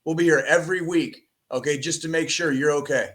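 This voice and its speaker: A man's voice: fairly high pitch, fairly even intonation, fairly quick, a bit bright. A man hosting a podcast, giving a profane, impassioned pep talk and checking in with repeated "okay?" and "all right?". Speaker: podcast host.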